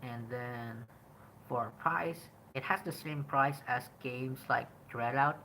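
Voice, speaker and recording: A young man from Indonesia with an Indonesian accent, talking casually about a game in a rambling way, often pausing on "um" and "like". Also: mid-range voice, slight background noise, low-quality recording. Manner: rambling, frequent "like" and "um", animated emphasis. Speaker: podcast host. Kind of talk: casual game review talk.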